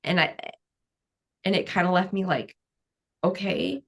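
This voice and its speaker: A woman's voice: fairly low pitch, moderate pace, fairly bright tone. A woman guest on an interview podcast, a cancer coach telling her story frankly, quoting her past self and using many "like" fillers.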